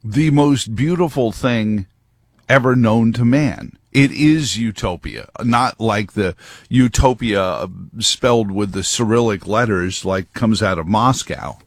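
A radio talk host with a fairly low, animated voice delivers a slow, rambling, emphatic monologue full of opinions. He's close to the mic, and there's no room sound at all.

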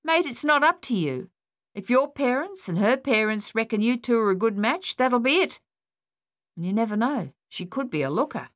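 A woman's voice: on the high side, very animated, normal speed, dry recording, clean studio sound, pitched above the performer's own voice. A woman reading a blunt, gossipy young country lad in an audiobook.

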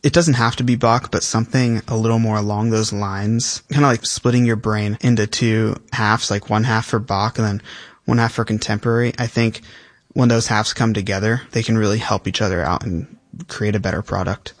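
Teen percussionist guest, lowish voice, relaxed and thoughtful, dry close recording. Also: male voice, a little fast, no echo. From South Carolina, US. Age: teens. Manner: relaxed, thoughtful, uses many fillers. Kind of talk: interview answers.

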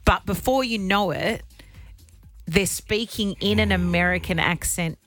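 A woman's voice: medium pitch, measured pace, fairly bright tone, faint music behind. A woman co-hosting a radio show, chatting casually and making fun of herself. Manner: chatty, self-deprecating, laughs often. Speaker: radio co-host.

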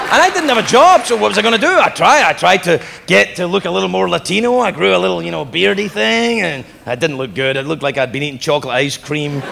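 A male stand-up comedian with a brash, profane delivery, shouting his punchlines. His voice sits high and leaps all over the place, with a gravelly grain. It is recorded live on stage in a reverberant hall, with a loud crowd and steady noise behind. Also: quick pace, few pauses. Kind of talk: stand-up storytelling. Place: stage in a large venue.

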